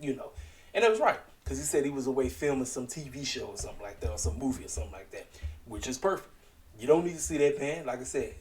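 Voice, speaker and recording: A man giving a casual, animated recap at home, talking straight to his audience. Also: mid-range voice, distant mic, rough recording. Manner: animated, talks straight to the audience, keeps calling out "ladies and gentlemen". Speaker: wrestling show reviewer.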